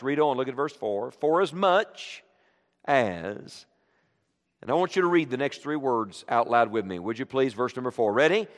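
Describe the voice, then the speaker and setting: A middle-aged man preaching in a lively, swooping voice that rises fairly high and drops low again. He draws call-and-response from the congregation as he goes. His voice rings through a church hall with a long reverb. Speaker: guest preacher. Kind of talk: sermon. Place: church sanctuary.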